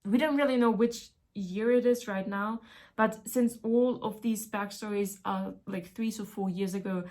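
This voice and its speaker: Woman vlogger rambling thru a mystery plot, jokey and self-mocking, average pitch. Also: fairly even intonation, measured pace, a little mellow. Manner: playful, self-mocking and chatty. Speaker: book vlogger. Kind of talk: casual chat summarizing a mystery novel.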